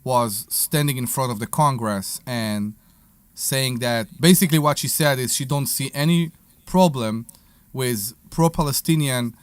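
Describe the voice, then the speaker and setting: A man co-hosting a casual radio talk show, excitable and playful, hesitating as he talks. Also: mid-range voice, unhurried, clean tone, dry recording.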